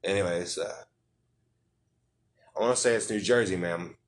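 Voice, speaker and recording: A man's voice: low-pitched, moderate pace. Joking man hosting a podcast. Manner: joking, rambling, profane. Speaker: podcast host. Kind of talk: casual interview chat.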